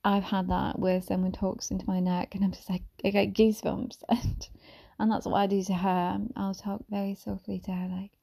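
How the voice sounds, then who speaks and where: Mom doing soft asmr-style talk, gentle and half whispered, gravelly fry in her voice, rambles a bit with ums. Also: mid-range voice, little pitch movement, normal speed. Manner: meandering, with many fillers and restarts. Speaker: mother sharing reflections.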